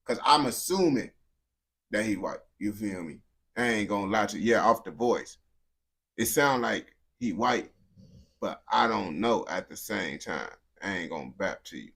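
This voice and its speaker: A man's voice: fairly low pitch, lively intonation, moderate pace, vocal fry, a bit bright. Rambling young streamer guy. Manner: loose, rambling, talks to chat, says bro a lot. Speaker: streamer reacting to a video. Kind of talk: casual live reaction chat.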